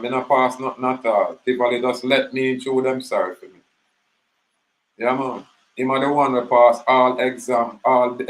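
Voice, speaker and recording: Jamaican man at an average pitch, speaking Patois in a loose, storytelling monologue. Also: poor audio. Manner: rambling, animated storytelling in Patois. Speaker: channel host. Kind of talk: casual monologue.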